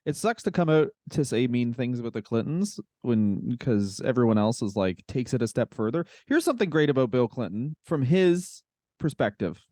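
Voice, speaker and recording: A man's voice: medium pitch, very animated, moderate pace, dark tone, dry recording, clean studio sound. A man co-hosting a casual comedy podcast, explaining history with wry jokes and laughter. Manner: laughing, wry storytelling with swearing. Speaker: podcast co-host.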